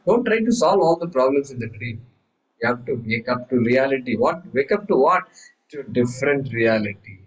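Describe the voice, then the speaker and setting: A man teaching a scripture class, lively, asking rhetorical questions and acting out voices. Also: medium pitch, moderate pace, low-quality recording. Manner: animated, acts out quoted voices, rhetorical questions. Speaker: Vedanta teacher. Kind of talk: class lecture.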